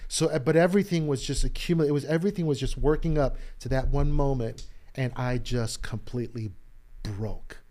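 A male pastor telling a personal story in a casual chat. He acts out quotes loudly and with lots of feeling. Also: medium pitch, fairly quick. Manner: emotional, animated retelling, acts out quotes loudly.

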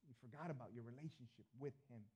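A middle-aged man preaching a sermon as pastor, earnest, repeating phrases, swinging between loud appeals and soft asides. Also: mid-range voice, fast, husky.

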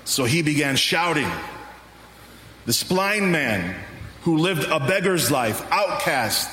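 Bright-voiced male pastor in a reverberant hall. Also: fairly high pitch, expressive, slow, slight background noise. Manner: emphatic, asks and answers rhetorical questions. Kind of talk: sermon. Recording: roomy hall reverb, faint ambience.

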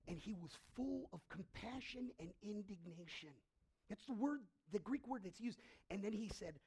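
Preaching a sermon as a pastor in a church, a man tells the story dramatically, swinging between loud, emphatic bursts and hushed passages. His high-pitched voice is animated, at normal speed, with a creaky, breathy edge.

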